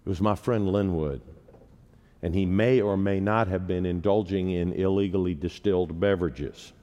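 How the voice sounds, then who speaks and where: A man's voice: low voice, fairly even intonation, moderate pace, warm tone, dull audio. A man in his sixties delivering a sermon in a church, telling personal stories with humor and poking fun at himself. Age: 60s. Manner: humorous, self-deprecating storyteller. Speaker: preacher. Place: church sanctuary. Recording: long reverb of a large hall.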